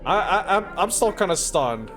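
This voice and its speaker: A streamer giving loud, excitable live reactions to game trailers, swearing and exclaiming. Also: mid-range voice, moderate pace, faint music behind.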